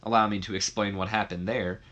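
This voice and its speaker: A man's voice: on the low side, little pitch movement, a little fast, fairly bright tone. A man giving loose, rambling commentary on a wrestling management game and acting out characters' lines. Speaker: video creator.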